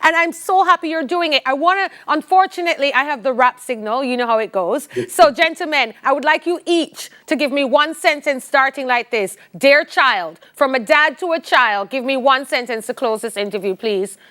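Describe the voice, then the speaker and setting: A woman's voice: high-pitched, a little fast, few pauses, a bit bright. A Jamaican woman hosting a morning TV interview, effusive and openly emotional. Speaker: TV morning show host.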